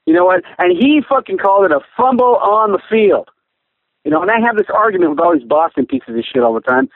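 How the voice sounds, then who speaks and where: A male caller phones in an angry, profane rant, cursing constantly in a high, animated voice at a brisk pace. The phone line sounds tinny, with no echo.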